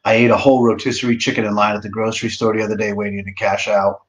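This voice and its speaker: A man's voice: on the low side, level tone, racing, rough recording. A young man hosting a casual live stream, joking and swearing a lot while eating. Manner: joking, profane, self-mocking. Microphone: laptop mic.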